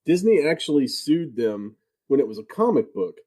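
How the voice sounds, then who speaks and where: Male podcast co-host, mid-pitched, dry wry delivery. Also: very animated, normal speed, warm tone. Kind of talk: casual chat.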